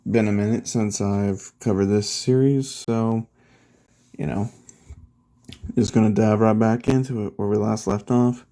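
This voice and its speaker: A man's voice: on the low side, fairly even intonation, a little slow, mellow. A man casually recapping a fan-made story in a laid-back, slangy, profane way.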